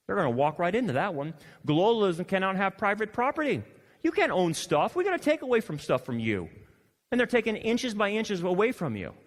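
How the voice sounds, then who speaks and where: Animated preacher man in a reverberant hall. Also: high-pitched. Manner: animated, swings from loud emphasis to quiet asides. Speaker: pastor. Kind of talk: sermon. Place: church hall.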